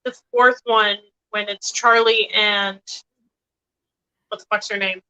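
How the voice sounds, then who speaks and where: A woman's voice: mid-range voice, steady tone, slow pace, pushed and bright, smooth, dull audio. A woman co-hosting a casual podcast, chatting in a laid-back way, swearing casually and laughing a lot. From Northeast Pennsylvania. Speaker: podcast co-host. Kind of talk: casual chat.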